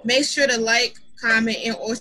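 A woman's voice: a little high, steady tone, normal speed, a loud crowd. A woman co-hosting a podcast call, playful, often stumbling and repeating words. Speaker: podcast co-host. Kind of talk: casual chat on a call.

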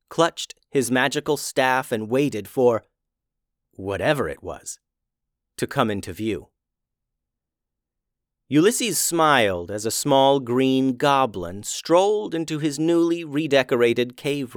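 Male storyteller reading a fantasy tale, expressive and lively in pitch, with a dry, close sound. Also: slow pace, no echo.

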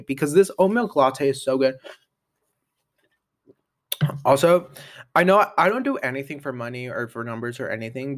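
A young adult man hosting a casual solo podcast, rambling and chatty, full of "like" and restarts. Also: mid-range voice. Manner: rambling, chatty, heavy use of "like", many restarts. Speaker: podcast host.

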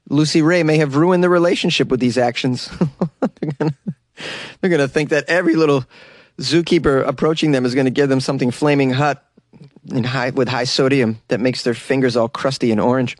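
A man's voice: medium pitch, no echo, clean studio sound. A man from the United States reading weird news stories aloud and mocking them with sarcasm, laughing often between lines. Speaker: news commentary host. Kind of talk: casual news commentary.

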